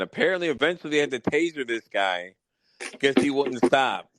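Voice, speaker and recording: A man hosting a podcast, telling wild work stories in a casual, profane, animated way. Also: medium pitch, a little fast, no room sound, rough recording. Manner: profane, animated storytelling with mock exasperation. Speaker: podcast host. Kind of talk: casual storytelling chat.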